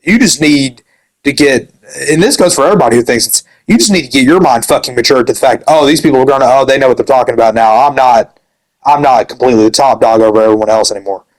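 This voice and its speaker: A man's voice: medium pitch, fast, rough recording. Young guy ranting hard about a gaming league, curses nonstop, says dude a lot. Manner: heavy swearing, repeats dude. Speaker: gaming community admin. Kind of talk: angry rant.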